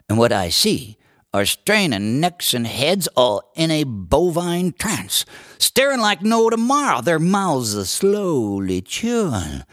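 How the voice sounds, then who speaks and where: A man reciting a humorous cowboy poem with an expressive storytelling delivery. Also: fairly high pitch, no room sound, studio quality. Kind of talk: dramatic poetry recitation.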